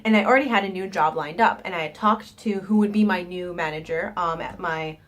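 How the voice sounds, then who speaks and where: A woman's voice: fairly low pitch, fairly quick. A young woman with a nasal voice, telling a casual storytime and acting out the people in it. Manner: animated retelling with quoted voices. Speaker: vlogger.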